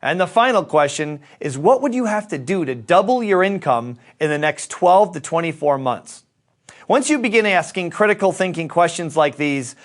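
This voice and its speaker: A man speaking directly to the audience, measured and emphatic, as a motivational speaker. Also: high voice. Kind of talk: speaking directly to the audience about earning more.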